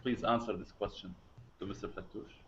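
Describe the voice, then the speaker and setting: A man's voice: lowish voice, steady tone, brisk. A male caller with a heavy accent, asking a long-winded, formally worded question in a pompous manner. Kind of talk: call-in question. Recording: lo-fi call audio.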